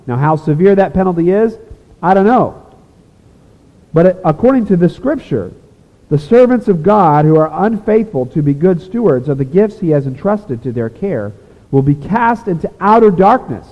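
A pastor preaching a sermon, earnest, rising to emphatic points and dropping to a hushed, confessional tone. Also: male voice, on the high side. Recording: echoey hall over a tinny phone-like line.

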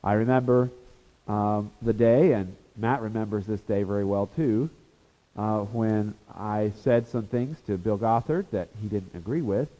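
A man teaching a Bible lesson as a sermon, animated and acting out the voices of people in the story. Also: on the low side, measured pace. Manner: animated, acts out voices of the disciples and Jesus. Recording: reverberant hall.

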